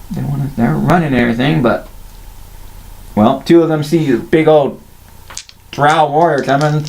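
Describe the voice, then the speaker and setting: A man narrating as dungeon master, describing combat in quick bursts with sudden jumps in pitch. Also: creaky, a little hiss or hum. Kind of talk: narrating a tabletop game.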